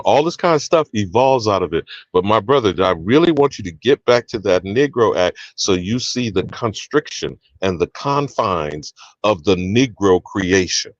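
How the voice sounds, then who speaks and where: A man's voice: sits low, no echo, highs cut off. A man hosting a history discussion panel, lecturing emphatically and asking others to confirm.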